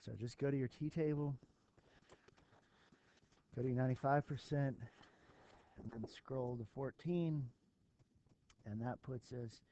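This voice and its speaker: A man's voice: mid-range voice, unhurried, pauses often, warm tone, slight background noise, rough recording. A man teaching a recorded statistics lesson, thinking aloud with fillers as he works through an example for his students. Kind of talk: recorded math lesson walkthrough.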